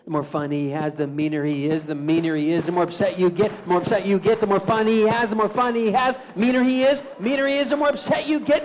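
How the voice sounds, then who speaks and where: A motivational speaker gives a playful, animated school assembly talk to a room of students, calling on them to answer back. His voice sits high and moves fast with hardly any pauses, and there's some chatter and slight noise in the background.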